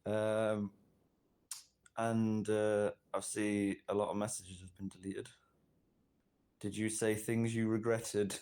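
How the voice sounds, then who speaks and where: A very low-voiced man from Britain records voice notes. He rants hard and swears constantly, pushing each point in an aggressive, combative tone. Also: little pitch movement, unhurried, pauses often, a little mellow. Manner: profane, aggressive, ranting. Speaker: voice note sender. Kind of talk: angry voice-note rant.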